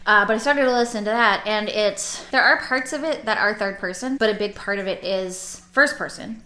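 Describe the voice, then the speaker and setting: A woman's voice: mid-range voice, normal speed, sharp tone. A young woman chatting casually to camera as a book vlogger, rambling with restarts. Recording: roomy echo.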